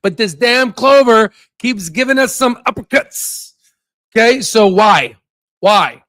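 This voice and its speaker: A man hosting a casual stock investing livestream, joking and hyping, with sudden shouted bursts and constant "right?" asides. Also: high voice, animated, slow, dry recording.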